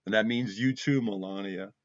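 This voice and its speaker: A man with a fairly low voice gives a heartfelt spiritual talk, passionate and openly emotional. He repeats his key words for emphasis. The sound is dull and lo-fi, with a dry feel. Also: normal speed, no echo. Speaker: spiritual channel host.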